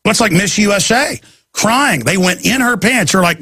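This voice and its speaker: A man hosting a talk show, ranting in a rambling, excitable monologue full of restarts and stammers. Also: high-pitched, normal speed, husky, dry recording, clean studio sound. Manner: slips into mocking voices for quotes.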